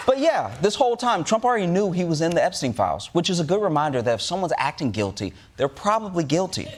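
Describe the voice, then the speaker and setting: Lively, high-pitched comic man, noisy recording. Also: fast talker. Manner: animated, sarcastic punchlines. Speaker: comedian host. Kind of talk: comedic monologue.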